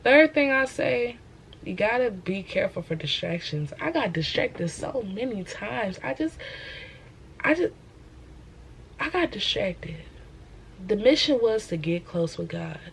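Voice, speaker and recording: A woman's voice: mid-range voice, animated, unhurried, vocal fry, long pauses, slight background noise, low-quality recording. A young woman host, talking about her faith in an emphatic, preachy way and repeating her phrases. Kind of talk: casual faith talk.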